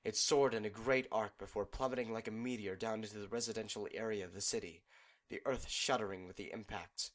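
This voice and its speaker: A man narrating a fan fiction audiobook in a steady, measured storytelling manner. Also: lowish voice.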